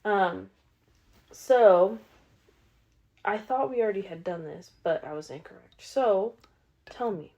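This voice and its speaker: A woman's voice: medium pitch, lively intonation, slow pace, pauses often, darkish tone, lo-fi sound. A woman co-hosting a podcast in casual chat, teasing and laughing often. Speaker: podcast co-host.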